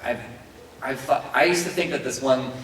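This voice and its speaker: A man's voice: mid-range voice, normal speed, a bit bright. Panel guest, male, rambling and self-mocking, recorded far off in a noisy echoing hall. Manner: rambling, self-deprecating, chuckling as he talks. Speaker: actor answering fan questions on a panel. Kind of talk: convention panel Q&A. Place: large convention hall. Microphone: handheld mic, heard from a distance.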